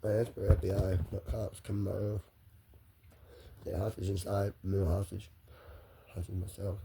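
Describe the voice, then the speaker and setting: A man's voice: deep voice, flat delivery, normal speed, vocal fry, mellow, slight background noise. A man talking straight to the camera in a rambling personal monologue, circling back on the same phrases again and again.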